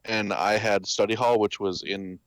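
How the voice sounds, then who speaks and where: A young man as a guest in casual chat, telling a story slowly and haltingly. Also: fairly low pitch, fairly even intonation, fairly bright tone, no echo.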